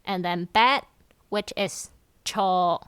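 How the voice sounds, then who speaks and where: A woman co-hosting a casual language lesson, explaining slowly with lots of fillers. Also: lowish voice, fairly bright tone, clear, resonant tone, no echo. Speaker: podcast co-host teaching Cantonese.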